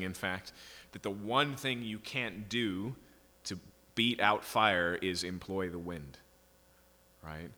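A man with a lowish but bright, forceful voice teaches through a passage verse by verse. He reads the text and then explains it in plain, conversational terms. His voice rings with the long reverb of a large hall. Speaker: preacher.

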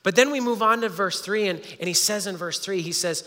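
A man's voice: high voice, brisk, sharp tone. A pastor giving an earnest, conversational sermon, often restarting his phrases. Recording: long hall reverb.

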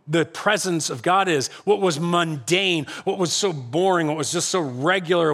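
A male pastor preaching a lively sermon to a church congregation, acting out quotes with animated shifts in voice. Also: fairly high pitch. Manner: animated, acts out God's voice and quotes.

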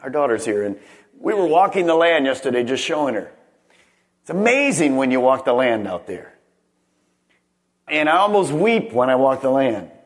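A middle-aged man, a pastor, preaching a sermon. He swings between raised, emphatic phrases and hushed ones, and puts questions straight to the congregation. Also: medium pitch, sing-song, normal speed, long pauses. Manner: asks the congregation questions directly.

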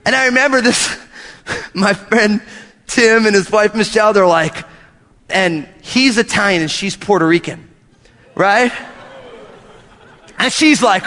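A male pastor preaching a sermon in a church, an animated storyteller who jokes with his congregation. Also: high voice, a little slow, long pauses, in a large hall. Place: church hall.

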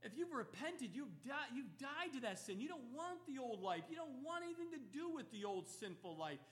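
A man's voice: very high voice, sing-song, normal speed, a bit bright. A man preaching an expository sermon, emphatic and repeating key phrases for effect. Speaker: pastor.

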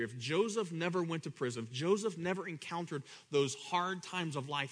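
A man preaching a sermon, swinging between loud high bursts and quiet low asides, often repeating himself and acting out the voices of people in his story.

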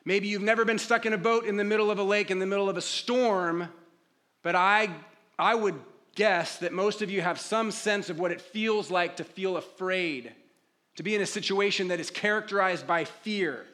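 A man with a high, bright voice delivers a sermon to his congregation. He speaks conversationally, sometimes voicing pleading prayers and sometimes dropping into quiet reflection. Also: normal speed. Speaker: pastor.

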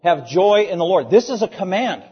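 Male pastor, emphatic sermon delivery, slightly husky; muffled recording with long reverb. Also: high voice, very animated, normal speed. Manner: emphatic, rhetorical questions, repeats lines for stress. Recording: dull sound, long hall reverb.

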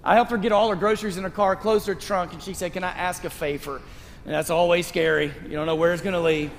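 A man's voice: sits high, steady tone, fast talker, big-room sound, a little hiss or hum. A male pastor preaching a sermon in a conversational, storytelling way.

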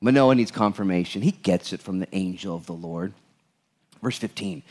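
A man preaching a sermon as pastor, animated, acting out the people in the Bible passage with jokes. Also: low voice, normal speed.

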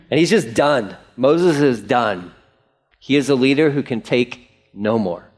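A man preaching as a pastor, casual and jokey, acting out the grumbling of the people in quick bits of voice. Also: medium pitch. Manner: lively, jokey, acts out voices of complainers. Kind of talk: sermon.

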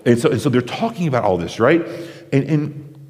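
A pastor delivering a sermon in a conversational way, acting out the crowd's reactions, from the United States. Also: male voice, mid-range voice, lively intonation, brisk, a little mellow. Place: large theater-style church auditorium. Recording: long hall reverb.

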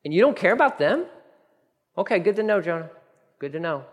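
A man's voice: high-pitched, very animated, brisk. A man voicing God rebuking a sulking prophet with incredulous, pointed questions. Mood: dry. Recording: long hall reverb.

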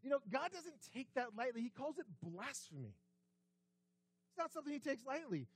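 A man's voice, high and animated, swinging widely in pitch as he preaches. He talks to the congregation with rhetorical questions and sinks to a hushed, quiet tone to drive points home. The sound is close and dry, with little room around it. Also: fairly quick, slightly rough, no room sound. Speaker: pastor. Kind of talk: sermon. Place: church sanctuary.

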